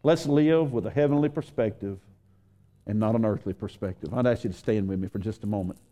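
Mellow-voiced preacher man. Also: lowish voice, brisk. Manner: preaching with rising intensity and repeated phrases. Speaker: pastor. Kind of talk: sermon.

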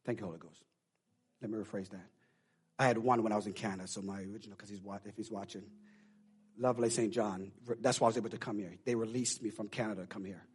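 Husky-voiced preaching pastor. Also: male voice, fairly low pitch, fairly even intonation, fast talker. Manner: emotional, swings from hushed confiding to loud preaching. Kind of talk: sermon. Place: church.

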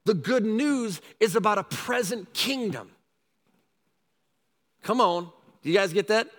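A man preaching a sermon, animated, with rising shouts and repeated calls to his listeners. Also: sits high, a little slow, in a large hall. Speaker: pastor.

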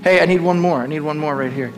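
A man's voice: a little high, fast talker, loud music behind the voice. A male pastor preaching a fervent sermon, with repeated calls to the congregation.

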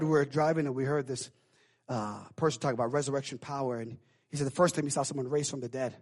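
A man preaching a sermon, acting out the people in his stories and swinging from hushed storytelling to loud, fervent calls. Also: mid-range voice, quick pace. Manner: dramatic, acts out quoted voices, swings from hushed to shouting.

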